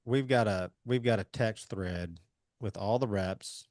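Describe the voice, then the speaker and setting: A man from Southeast Missouri, hosting a casual business chat in an energetic, folksy way. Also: lowish voice, a little slow, no echo, studio quality. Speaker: podcast host.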